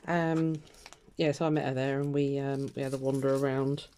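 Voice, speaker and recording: A woman's voice: sits low, completely flat delivery, moderate pace, warm tone, slight background noise. An older woman, chatting casually in a rambling way while doing her sewing, full of fillers and little laughs. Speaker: craft vlogger. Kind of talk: casual chat while stitching.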